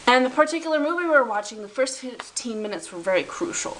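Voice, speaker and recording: A woman's voice: medium pitch, animated, quick pace, hardly any pauses, fairly bright tone, slight background noise, low-quality recording. A woman telling a comedic story to camera, rambling, interrupting herself and giggling as she loses track. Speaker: vlogger.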